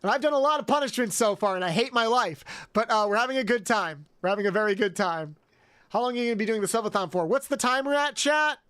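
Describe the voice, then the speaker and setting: A man streaming a video game live, chatting with viewers, excitable and prone to swearing and yelping outbursts. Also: high voice, quick pace, clear, resonant tone.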